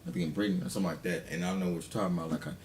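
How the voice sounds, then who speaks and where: Laid-back low-voiced man with slangy talk. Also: steady tone, very fast, darkish tone, a little hiss or hum. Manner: laid-back, slangy, mumbling, swears casually. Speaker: podcast co-host. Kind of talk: casual chat.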